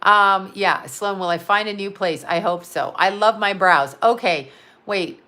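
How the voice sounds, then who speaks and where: A psychic and astrologer answers live chat on a stream, chatting casually in a blunt, rambling way with frequent laughter and free swearing. Her mid-range voice has a sharp tone, and she keeps a measured pace.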